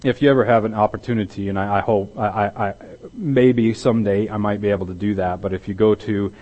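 A man's voice: fairly low pitch, steady tone, a little fast, lo-fi sound. Emphatic male pastor in a reverberant hall. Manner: emphatic, swings from loud to hushed, repeats words. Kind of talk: sermon.

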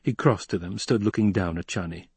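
A man narrating an audiobook in a steady, scripted reading. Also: deep voice, a little fast, slightly rough, no echo.

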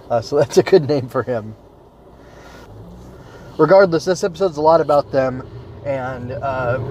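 A man's voice: medium pitch, noisy background. A man hosting his own podcast, talking casually and rambling with lots of fillers and restarts. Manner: rambling, many fillers and self-corrections. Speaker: podcast host. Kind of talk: casual solo podcast talk. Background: smooth jazz music.

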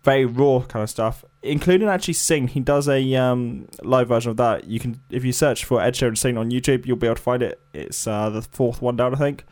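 A man's voice: mid-range voice, a little fast, hardly any pauses, darkish tone. A man co-hosting a casual music podcast, rambling with lots of fillers. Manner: rambling, many fillers and hedges. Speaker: podcast co-host. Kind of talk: casual chat.

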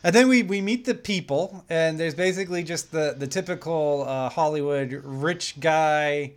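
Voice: mid-range voice, moderate pace, clear, resonant tone. Chatty podcaster with sarcastic asides. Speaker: podcast co-host. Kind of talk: casual film review chat.

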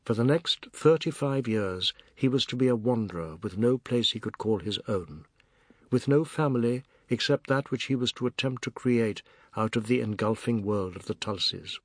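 Man narrating an audiobook, steady and measured, dry close mic, mid voice. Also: mid-range voice, no echo. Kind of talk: scripted literary narration.

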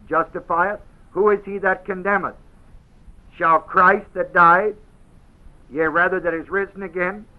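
A man's voice: high-pitched, dull audio. A man teaching a Bible class. He reads verses with heavy emphasis and keeps putting questions to his listeners.

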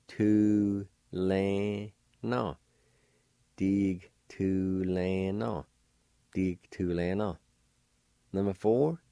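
Slow, deliberate man teaching spelling. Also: low-pitched, a little mellow, no room sound, studio quality. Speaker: language teacher and show host. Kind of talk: radio language lesson.

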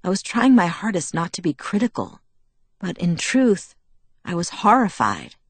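A woman narrates a novel in the first person, measured and reflective. Her voice sits fairly low for a woman and is recorded dry and close, with no room sound around it. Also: sing-song, breathy edge, no echo. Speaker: audiobook narrator.

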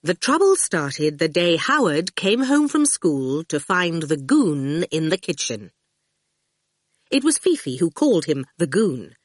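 A woman narrating an audiobook in an expressive storytelling manner, close to the mic. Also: low-pitched, unhurried, dry recording.

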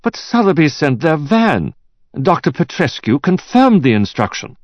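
A man's voice: fairly high pitch, very animated, normal speed, darkish tone, no echo, muffled recording, pitched above the performer's own voice. Man doing an eager, anxious businesswoman. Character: brisk efficient woman handling airport transfers.

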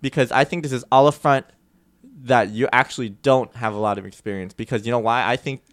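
A man's voice: mid-range voice, a little fast, no room sound, close to an everyday voice. A man playing a naive, polite young man at his first party in an improvised comedy sketch, hesitant and stumbling over his words. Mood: accusing.

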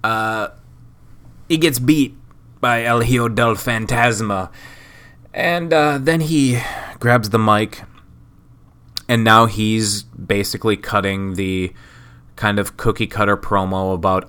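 A man's voice: fairly low pitch, measured pace, bright, forceful tone. A man in his thirties from Wisconsin, sick, hosting a casual solo podcast with rambling, self-mocking jokes. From Wisconsin, USA. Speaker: podcast host.

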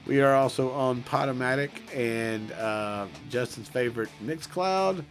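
A man's voice: mid-range voice, a little slow, faint music behind. A middle-aged man co-hosting a podcast, trading crude jokes and laughing often. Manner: laughs often, profane and joking. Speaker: podcast co-host. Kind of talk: crude casual banter.

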